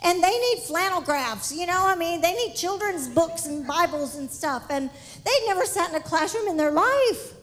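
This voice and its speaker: A woman giving an exuberant missionary testimony in church, shouting praise and laughing often. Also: very high-pitched, expressive, normal speed.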